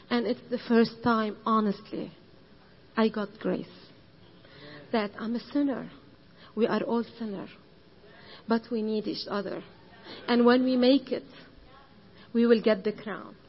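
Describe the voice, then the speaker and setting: Addressing women, a Lebanese-accented church leader shares her testimony as a sermon in slow, measured English, her tone steady. Her fairly high voice has a husky edge, and she earnestly repeats phrases, building them to passionate emphasis, on a dull lo-fi recording.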